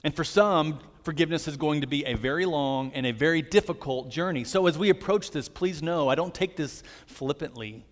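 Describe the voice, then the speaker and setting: A man delivering a sermon with an earnest, gentle manner, his voice sitting a little higher than most men's. The sound hangs in a long reverb, as in a large hall. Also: fairly quick, hardly any pauses. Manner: earnest, gentle storytelling preacher. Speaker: pastor.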